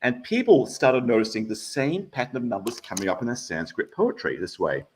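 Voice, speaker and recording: A man's voice: mid-range voice, big pitch swings, fairly quick, slight background noise. A man giving a live online maths lesson, explaining number patterns in an enthusiastic, playful way. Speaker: guest maths educator.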